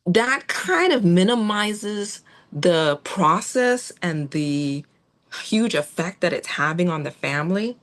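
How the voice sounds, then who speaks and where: A woman giving a gentle, reassuring training talk to veterinary staff, with fillers and restarts. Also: lowish voice, animated, takes it slowly. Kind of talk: instructional talk on client communication.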